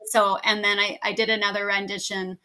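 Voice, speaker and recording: A woman's voice: medium pitch, little pitch movement, brisk, pushed and bright, poor audio. A woman, a guest teacher chatting casually on a podcast, talking in an effusive way and often restarting her sentences. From Canada.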